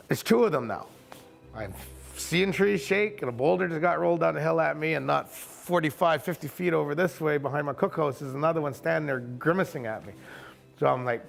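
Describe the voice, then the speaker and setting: A man, a kayak camp owner, telling a story in casual, animated fashion and acting out other people's voices. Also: mid-range voice, moderate pace, creaky, faint music behind. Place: outdoors at a rocky bay.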